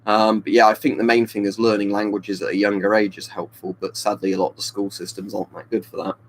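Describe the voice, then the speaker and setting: A man's voice: lowish voice, little pitch movement, quick pace, a little hiss or hum, rough recording. A young man from the UK, chatting casually on a live webcam stream and answering viewers by name. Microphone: webcam mic.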